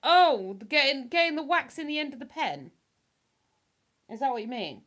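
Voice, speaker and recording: A chatty woman talks straight to her livestream viewers with a slightly high voice. She rambles, restarts her sentences and pokes fun at herself as she answers comments. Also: very animated, normal speed, a bit bright. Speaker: livestream host reading chat. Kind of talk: casual live chat.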